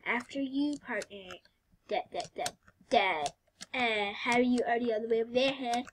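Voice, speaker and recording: A young woman playing a video game, excitable, swinging between hushed whispers and loud squeals. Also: fairly high pitch, brisk, slight background noise. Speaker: gamer. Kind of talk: casual gameplay commentary.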